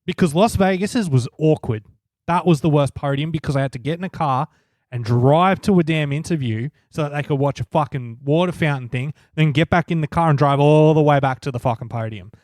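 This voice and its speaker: A man's voice: fairly high pitch, brisk, darkish tone, no echo, studio quality. A man co-hosting a casual motorsport podcast, blunt and opinionated, swearing as he argues. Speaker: podcast co-host. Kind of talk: casual sports chat.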